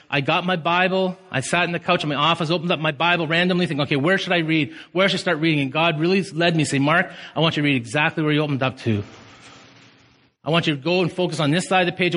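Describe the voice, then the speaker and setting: Bright-voiced preaching man in reverberant hall. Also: a little high. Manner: passionate preaching, surges to shouts. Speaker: pastor. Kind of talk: sermon.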